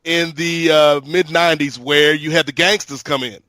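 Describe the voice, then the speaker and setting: A man with a slightly raised pitch co-hosts a podcast and tells his stories at an even, measured pace. He often doubles up on words as he works out his point. The recording is dry and close to the mic. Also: no room sound. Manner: measured, storytelling, repeats words while thinking. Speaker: podcast co-host. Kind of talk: casual chat.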